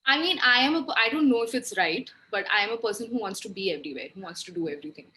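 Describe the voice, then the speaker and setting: A woman's voice: medium pitch, animated, very fast, pushed and bright, poor audio. A young woman, an actor answering interview questions hesitantly and earnestly. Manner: hesitant, many fillers and restarts, earnest. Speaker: actor guest.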